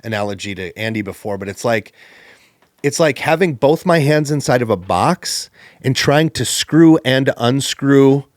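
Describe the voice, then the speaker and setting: Animated storytelling man, dry close sound. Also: medium pitch, unhurried, no room sound. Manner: animated, acts out the people he quotes. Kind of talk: personal storytelling in conversation.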